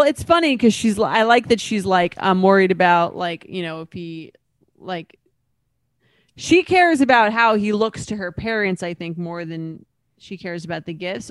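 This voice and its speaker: A woman co-hosting a podcast, reading listener emails aloud in an easy, relaxed way before chatting about them. Her voice sits at a middle pitch. The recording is dry and close. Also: no echo. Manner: relaxed, reads aloud then comments. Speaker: podcast co-host. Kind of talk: casual chat, reading listener mail.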